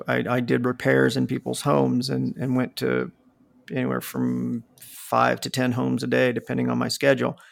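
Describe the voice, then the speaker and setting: A man with a northern US accent tells stories in relaxed conversation. His voice has a gravelly edge in a middle register. He talks in an animated way, swearing and laughing as he goes. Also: mid-range voice. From northern United States. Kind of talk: casual storytelling chat.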